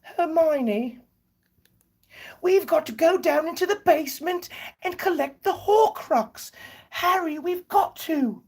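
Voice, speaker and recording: A man putting on a high falsetto voice as an earnest young English schoolgirl wizard, speaking with a mock English accent and a breathless urgency. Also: animated, takes it slowly, a little mellow, full character voice. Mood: urgent.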